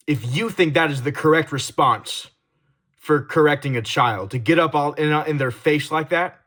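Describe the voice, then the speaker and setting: A young man talking straight to his audience in a confessional vlog. He swings between heated swearing and quiet, apologetic trailing off, with stumbling restarts. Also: a little high, moderate pace. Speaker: YouTuber.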